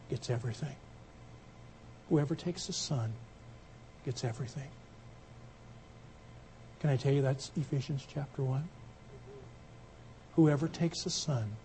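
A man preaching a sermon, telling an illustration story and building it into loud, emphatic appeals. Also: medium pitch, slight background noise.

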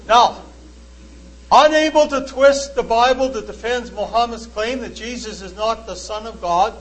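Man with a very high voice preaching. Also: poor audio. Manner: earnest, emphatic, reads archaic scripture verses aloud. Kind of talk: sermon-style testimony quoting scripture.

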